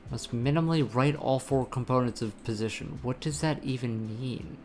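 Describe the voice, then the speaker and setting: A man's voice: mid-range voice, moderate pace. A man streaming himself programming, muttering and swearing in exasperation as he reads error messages aloud. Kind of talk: frustrated live-coding commentary. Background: soft lo-fi music and keyboard typing.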